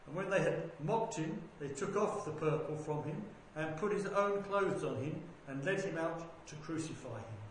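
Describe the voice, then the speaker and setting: A man with a fairly high voice reads scripture aloud, slow and deliberate, lifting his tone for the quoted lines. His voice rings through a very reverberant room with a faint hiss of background noise. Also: animated. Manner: measured, deliberate reading that rises for quoted speech. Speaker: scripture reader. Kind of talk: bible reading aloud.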